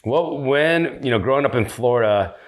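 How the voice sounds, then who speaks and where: A man hosting a faith podcast, talking loudly and with enthusiasm in a casual chat. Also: medium pitch, animated, moderate pace. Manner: loud, upbeat and enthusiastic. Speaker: podcast host.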